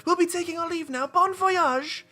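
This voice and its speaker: A gamer voicing chipper game helpers in a high, sing-song mock British accent while reading the dialogue aloud. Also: moderate pace, sharp tone, faint music behind.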